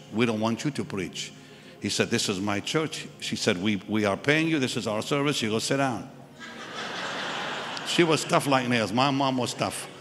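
A medium-pitched, slightly bright male voice delivers a sermon at a live church service. He shares a personal story and gives voice to the people in it. Reverb and music fill the live church hall recording.

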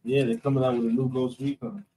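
Man, dark mellow voice, quick animated slang, robotic glitchy call audio. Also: mid-range voice, rough recording. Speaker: caller on call. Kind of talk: casual chat.

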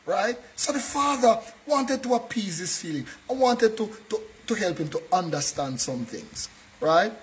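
A man's voice: sits high, very animated, moderate pace, slight background noise, poor audio. A man, preaching a sermon in church in an earnest way and often checking in with his listeners by asking whether they follow. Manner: earnest preaching, keeps checking in with a tag question. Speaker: pastor.

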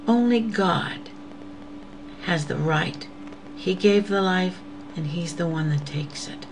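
A woman's voice: fairly low pitch, takes it slowly, long pauses, noisy background. A woman giving a personal faith testimony, earnest and intimate, often sinking to a whisper and calling listeners "beloveds.". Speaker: host of an inspirational show.

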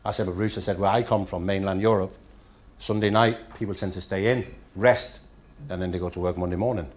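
A man's voice: low-pitched, steady tone, brisk. Danish-born man telling after-dinner stories. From Denmark. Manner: dry storytelling with punchlines. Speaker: after-dinner guest speaker. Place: hotel function room at a dinner.

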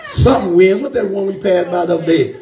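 A man's voice: high voice, animated, quick pace, warm tone, reverberant. A man preaching a fervent sermon, calling out to the congregation in a church.

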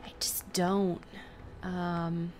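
A woman's voice: lowish voice, level tone, drawn-out words, a little mellow, faint music behind. A young adult woman giving casual let's-play commentary, gushing and flustered as she plays. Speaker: gameplay host.

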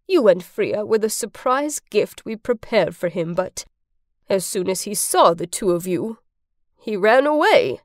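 A woman voicing a kind elderly woman in a wheelchair, speaking gently and warmly. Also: mid-range voice, expressive, unhurried, no echo, studio quality, close to an everyday voice. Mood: tender. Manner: gentle, warm.

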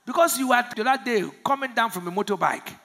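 A pastor from Nigeria preaching a sermon, asking the congregation to finish his lines and swinging from low murmurs to loud shouts. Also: lively intonation, fast. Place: church service.

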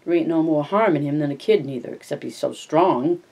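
A man reading as a calm, steady ranch leader. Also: fairly high pitch, gravelly, slightly rough. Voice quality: calm, measured.

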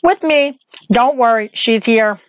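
A woman's voice: a little high, measured pace, clean tone, no room sound, dull audio, close to an everyday voice. Woman doing a shy clumsy young man. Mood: eager. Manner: uneasy, eager to please.

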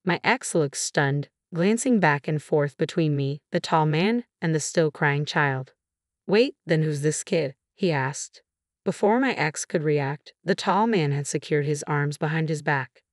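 Woman reading out a revenge story, low voice, steady and even, dry close sound. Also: unhurried, no room sound. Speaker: narrator. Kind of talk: scripted story narration.

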